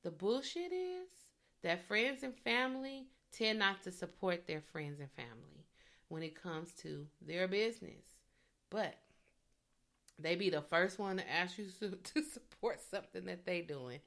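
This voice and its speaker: A woman's voice: fairly low pitch, unhurried. A woman comedian hosting a solo podcast, chatting bluntly and with profanity as she retells gossip and acts out the people in it. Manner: animated, dishes gossip with acted-out quotes.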